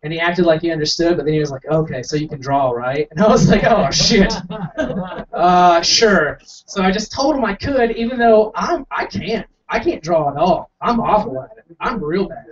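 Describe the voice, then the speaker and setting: A man's voice: high voice, expressive, brisk, few pauses. A young man doing stand-up storytelling in a small coffee house, rambling and self-mocking, acting out the quotes. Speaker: stand-up comic. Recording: distant, dull lo-fi room recording.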